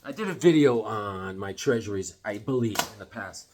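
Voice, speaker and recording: Middle-aged man, comic collector, casual show-and-tell, excited, rambling, lots of fillers. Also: lowish voice, moderate pace, a little hiss or hum. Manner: enthusiastic, rambling, with many fillers and asides. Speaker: comic book collector vlogger.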